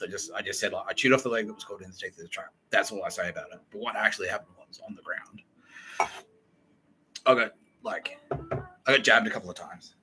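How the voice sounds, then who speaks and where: A man talks through a long, profane monologue, jumping between loud bursts and quiet mutters. His voice sits low but sounds very bright and forward. A faint noise hangs behind the recording. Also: poor audio. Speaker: podcast host. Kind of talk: rambling monologue.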